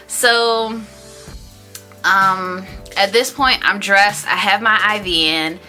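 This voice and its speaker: A woman's voice: mid-range voice, slow pace, faint music behind. A woman in her thirties telling a personal story in a casual vlog, acting out what others said. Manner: animated storyteller, acts out other people's lines in raised voices. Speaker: beauty vlogger.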